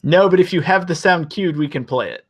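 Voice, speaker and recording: A man's voice: on the high side, lively intonation, fairly quick, heavy background noise. A young man co-hosting a podcast, chatting casually and enthusiastically, with some swearing and rambling. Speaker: podcast co-host. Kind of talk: casual chat.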